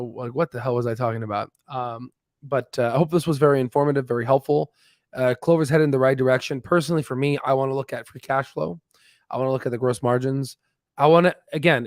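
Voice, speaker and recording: A man's voice: mid-range voice, no echo, studio quality. Rambling tired man hosting a stream. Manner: rambling, many restarts and fillers. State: tired, yawning. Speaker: stock channel host. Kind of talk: casual livestream chat.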